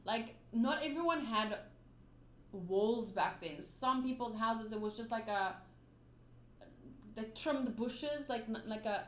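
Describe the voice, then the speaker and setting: Casting note: young woman, bright higher voice, rambling chat, echoey room. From South Africa. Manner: chatty, rambling, many fillers and restarts. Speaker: manga reader and channel host. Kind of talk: casual manga readthrough with anecdotes. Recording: roomy, with faint noise.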